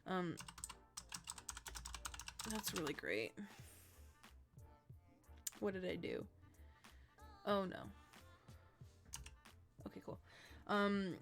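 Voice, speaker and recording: Tired woman streamer with a gravelly voice. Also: mid-range voice, very animated, drawn-out words, long pauses, soft background music. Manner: chatty, thinks aloud, hums and trails off. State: tired, yawning. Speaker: streamer building a card deck. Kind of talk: casual livestream chat.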